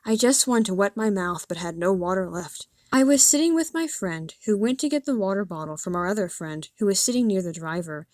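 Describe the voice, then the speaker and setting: A woman narrating an audiobook in the first person, with an earnest, expressive reading. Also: mid-range voice, brisk, hardly any pauses, dry recording, studio quality. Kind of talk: scripted narration.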